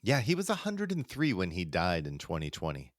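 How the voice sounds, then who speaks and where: A man's voice: sits low, wildly swooping pitch, a little fast, dry recording, studio quality. A man co-hosting a podcast, casually recapping an old comedy episode step by step in an easygoing way and laughing along. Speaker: podcast co-host.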